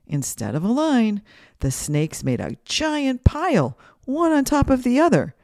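A woman's voice: mid-range voice, sing-song, measured pace, a little mellow, no room sound, clean studio sound. A woman hosting a children's podcast, reading a story aloud and guiding breathing exercises in a sing-song, guiding way.

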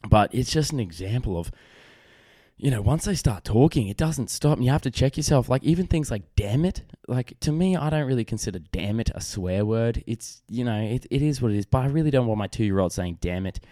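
A man's voice: mid-range voice, expressive, brisk, dark tone, dry recording, studio quality. A young adult man, hosting a casual solo podcast and telling rambling stories with lots of fillers and restarts. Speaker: podcast host.

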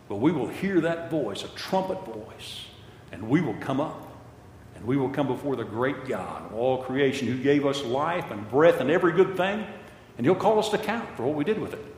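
A man's voice: medium pitch, sing-song, normal speed, a little mellow, slight background noise. An older man preaching a sermon with passion, repeating phrases for emphasis, recorded in a large church hall. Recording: echoey hall with long reverb.

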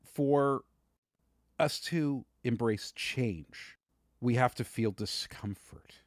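A man's voice: mid-range voice, extremely slow, no room sound, studio quality. A man co-hosting a podcast, arguing his point passionately and raising his voice in a heated debate. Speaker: podcast co-host.

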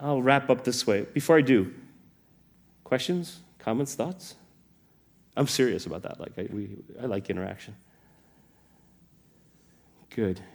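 A man's voice: mid-range voice, a little slow, long pauses. A man preaching a sermon, asking the congregation question after question. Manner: animated, asks the congregation questions.

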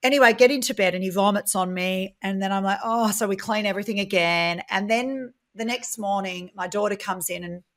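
A woman, a guest in a casual interview, telling stories in a chatty, animated way and acting out the dialogue she quotes. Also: medium pitch, fairly quick, few pauses. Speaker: guest, property business founder.

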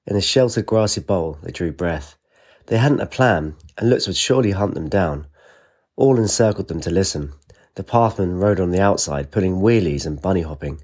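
A man with a lowish voice reads a fantasy audiobook aloud. His delivery is steady and measured, the voice of a storyteller. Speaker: narrator. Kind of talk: audiobook narration.

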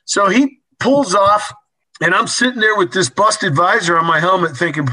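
Animated, high-voiced older male storyteller. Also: moderate pace, poor audio. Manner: animated, chuckling, folksy. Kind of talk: casual anecdote.

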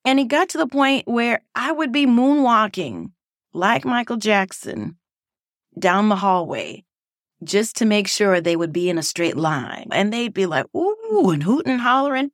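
A woman, a former teacher, hosting a casual reflective podcast monologue in a playful, animated way. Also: medium pitch, normal speed, no echo, clean studio sound. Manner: playful and animated, acting out voices.

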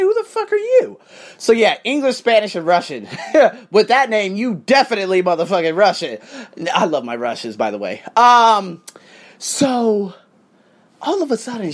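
A man in his thirties hosts his own podcast, telling a rambling story full of swearing and side tangents. His voice is a bit husky, and his pitch swings widely from low mutters to high bursts. He is from Las Vegas and pauses now and then for a sip of his drink. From Las Vegas, United States. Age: 30s. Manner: animated, profane, drifts off into asides; sipping cognac while talking. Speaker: podcast host. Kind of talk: casual storytelling monologue.

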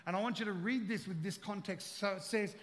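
High-voiced preacher man in a reverberant hall. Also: a little fast. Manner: humorous, conversational preaching that builds to loud emphatic peaks. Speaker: pastor. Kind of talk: sermon.

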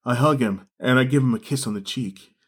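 A man playing a tabletop game who describes his character's actions in an animated, playful way. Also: medium pitch, fairly quick, slightly rough. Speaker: player.

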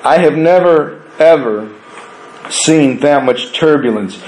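A man preaching a sermon in a conversational way, asking rhetorical questions and swinging between raised emphatic lines and hushed low ones. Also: expressive, takes it slowly, a little hiss or hum, low-quality recording. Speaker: pastor.

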